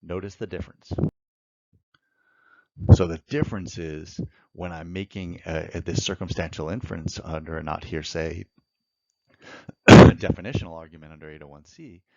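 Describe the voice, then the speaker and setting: A man's voice: sits low, steady tone, normal speed, creaky, long pauses, no echo, highs cut off. A man teaching evidence law in a methodical lecture, walking through courtroom examples step by step. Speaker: law instructor.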